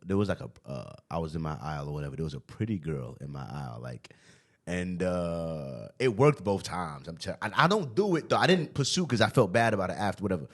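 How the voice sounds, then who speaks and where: A man hosting a casual podcast and explaining a drinking game, relaxed, laughing often and often asking "you know what I mean". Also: deep voice, a little fast. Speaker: podcast host.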